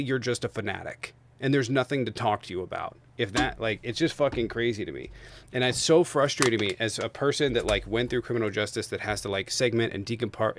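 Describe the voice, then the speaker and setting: Male streamer, mid-pitched, rants with lots of cursing, loud spikes, then chats viewers. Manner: angry, profane ranting; loud bursts while venting. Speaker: livestream host. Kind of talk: heated political debate stream.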